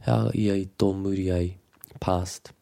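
A man with a New Zealand accent teaching a relaxed language lesson, patiently repeating example phrases slowly. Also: sits low, creaky. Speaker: te reo Māori teacher.

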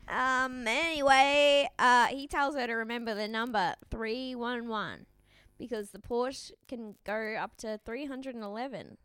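A young woman co-hosting a podcast, making wry, deadpan jokes as she recaps a show. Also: a little high, unhurried, smooth, no echo. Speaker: podcast co-host. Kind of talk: casual chat recapping a reality show.

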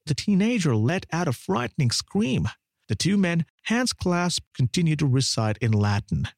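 A man giving a dramatic documentary narration in an expressive, swooping delivery. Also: mid-range voice, dry recording, clean studio sound.

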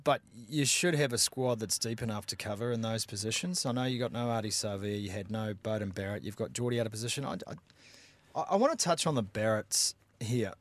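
A man with a New Zealand accent, co-hosting a casual rugby podcast and giving animated, opinionated analysis. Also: on the low side, fairly quick. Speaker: podcast co-host.

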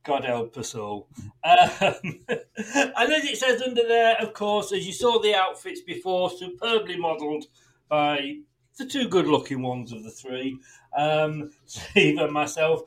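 A man with a notably high voice hosts a casual football podcast. He chats loosely and mocks himself, laughing through his lines. The call sounds like it was made over a video link. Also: expressive, unhurried, a bit bright. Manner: chatty, laughs often, self-mocking. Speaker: podcast host. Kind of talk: casual chat.

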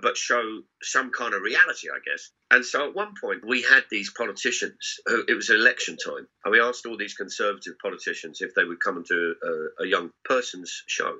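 A man's voice: lowish voice, a little fast, hardly any pauses, slightly rough. A middle-aged man, telling comic anecdotes as a guest and swearing freely. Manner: animated, swearing storyteller. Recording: dull lo-fi sound.

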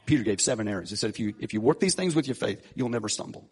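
A man's voice: on the low side, lively intonation, racing, husky. A middle-aged male pastor preaching a sermon, building to emphatic peaks with frequent restarts and fillers.

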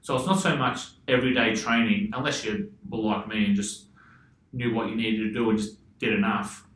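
A man's voice: fairly low pitch, fairly even intonation, normal speed, a bit bright, reverberant, low-quality recording. A man with an Australian accent telling loose, rambling stories in casual chat, swearing freely and laughing often. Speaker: podcast guest, former footballer.

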